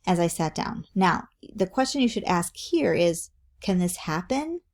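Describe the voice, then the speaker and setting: A woman's voice: lowish voice, expressive, normal speed. A middle-aged woman teacher giving a recorded lesson, explaining patiently and often checking in with "right?".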